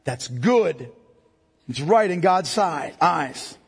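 Male pastor, middle-aged, husky and high-pitched, joking sermon delivery, long reverb. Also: expressive, takes it slowly. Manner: joking asides with a congregation. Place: church hall.

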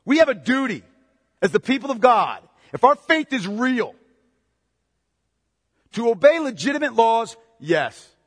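A man's voice: very high-pitched, sing-song, unhurried, long pauses, slightly rough, no room sound, in a large hall. A man preaching a sermon, emphatic, repeating phrases for stress and asking the congregation questions. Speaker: pastor.

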